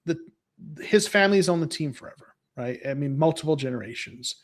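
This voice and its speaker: A man's voice: a little high, animated, a little fast. A man talking as a football fan guest, rambling with lots of restarts and fillers. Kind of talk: casual podcast chat.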